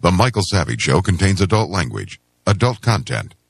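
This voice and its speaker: A man reading a dramatic warning as a show announcer, slow and ominous. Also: low-pitched, sing-song, creaky, dry recording. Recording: announcer over loud guitar music.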